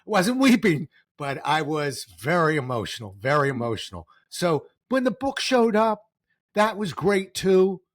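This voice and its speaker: A middle-aged man, guest on an interview, telling stories in a lively way, acting out quoted voices and getting emotional. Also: on the high side, measured pace, no room sound, studio quality. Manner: animated, acts out quoted voices, gets emotional. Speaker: guest, author and speaker. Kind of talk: storytelling interview answers.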